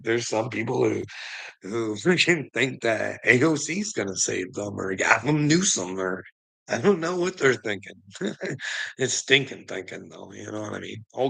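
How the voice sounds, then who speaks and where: Gravelly, sharp-voiced man ranting on a livestream. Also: lowish voice. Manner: profane, laughs often, calls viewers bud. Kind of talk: casual livestream rant.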